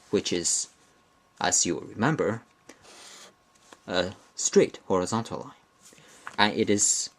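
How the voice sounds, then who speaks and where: A man narrates a beginner language lesson in a slow, unhurried voice that sits a little low. He explains each point methodically and often stops to restate or correct himself mid-phrase. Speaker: language teacher.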